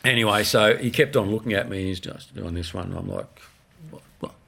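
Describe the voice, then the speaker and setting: Animated man telling stories. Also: fairly low pitch, fairly quick, gravelly. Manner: animated anecdote-telling, mimics voices in quotes. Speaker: podcast guest. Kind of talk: casual storytelling.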